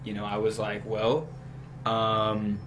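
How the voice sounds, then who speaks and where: A man's voice: fairly low pitch, monotone, takes it slowly, background noise. A young adult man, a guest on a podcast, laying out his political views at length in an earnest, casual way. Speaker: podcast guest, new team member.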